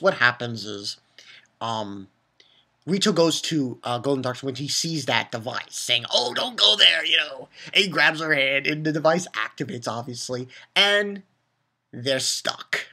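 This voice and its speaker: Animated, ranting man reviewing a show. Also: mid-range voice. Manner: animated, profane, exasperated ranting; rambling with restarts and filler. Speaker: anime reviewer. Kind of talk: casual spoken episode review.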